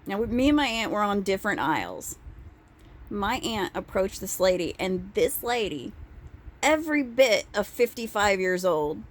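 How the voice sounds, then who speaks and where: A young woman telling a casual vlog story, animated and profane, with laughing asides. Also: mid-range voice, unhurried. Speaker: vlogger.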